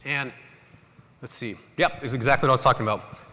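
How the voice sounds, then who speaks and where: A man giving an energetic, casual motivational talk to a live audience in a large hall, often quizzing the crowd. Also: medium pitch, a little fast. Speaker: conference speaker. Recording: echoey hall with long reverb.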